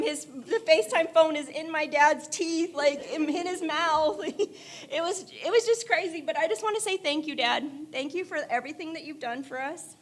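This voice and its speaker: Tearful woman giving a high-voiced eulogy. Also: a bit bright. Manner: emotional, candid storytelling with laughter through tears. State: crying at times. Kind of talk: memorial eulogy. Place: church.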